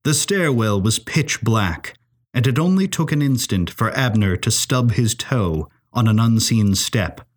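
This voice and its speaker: A male narrator reading a serialized mystery story, with a voice that moves through lively pitch swings. His delivery is expressive yet measured, giving the scenes steady room to unfold. Everything is clean, read-aloud narration. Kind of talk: audio drama story narration.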